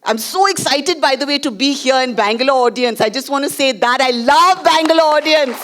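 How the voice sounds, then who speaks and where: A woman's voice: sits high, fairly quick, a bit bright. A middle-aged woman filmmaker with an Indian English accent, telling a candid, emotional story to an audience after a screening and slipping in Hindi phrases. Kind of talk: post-screening conversation with an audience. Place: screening venue before a live audience.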